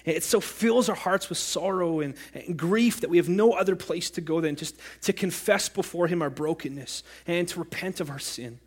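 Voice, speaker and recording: A man's voice: fairly high pitch, moderate pace, hardly any pauses, slightly rough. A man preaching a sermon as pastor, earnest and rising to impassioned cries when he quotes scripture.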